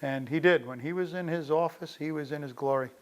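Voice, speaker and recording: A man's voice: on the high side, fairly quick. A middle-aged man recalling his father in casual, anecdotal storytelling, often restarting his sentences. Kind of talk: personal storytelling.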